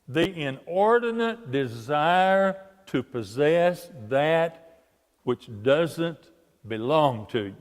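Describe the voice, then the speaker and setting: A man preaching a sermon as a guest preacher, telling stories slowly and leaning on key words. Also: on the high side, expressive. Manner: slow, deliberate storytelling with drawn-out emphasis. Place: church sanctuary. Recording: long church reverb.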